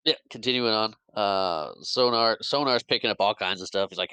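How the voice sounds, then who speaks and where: A man co-hosting a podcast, recapping movie scenes in casual chat, acting out the characters' lines in quick quoted bits and laughing often. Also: on the low side, sharp tone, clear, resonant tone, no room sound, highs cut off. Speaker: podcast co-host.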